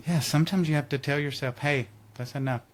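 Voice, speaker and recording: A man's voice: fairly high pitch, a little fast. A man on a podcast telling a personal story in casual chat, acting out quotes and laughing often.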